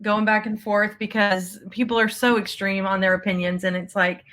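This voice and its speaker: A woman's voice: medium pitch, little pitch movement, normal speed, a bit bright. Laughing, chatty woman podcast co-host. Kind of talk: casual chat.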